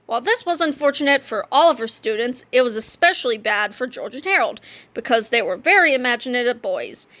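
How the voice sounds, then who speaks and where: A woman's voice: fairly high pitch, expressive, a little fast, bright, forceful tone. A woman reading a children's book aloud, playfully adding joking asides. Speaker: reader.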